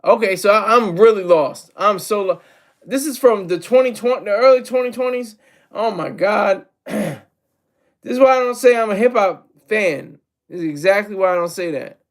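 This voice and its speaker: A man with a high-pitched voice talking casually in solo hip hop commentary. He rambles, backtracks and restarts often, poking fun at himself as he goes. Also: moderate pace. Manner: rambling, self-deprecating, with many restarts.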